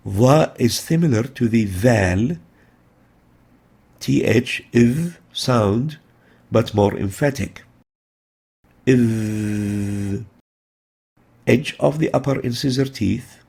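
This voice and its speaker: A man teaching pronunciation in a lesson, explaining each sound slowly and repeating it in drills. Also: mid-range voice, creaky, darkish tone.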